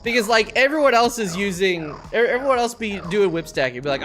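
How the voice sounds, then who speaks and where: In a high, sing-song voice that's a bit bright, a young man talks fairly quickly and barely pauses while streaming a game over its music. He's chatty and rambling, swearing often as he comments.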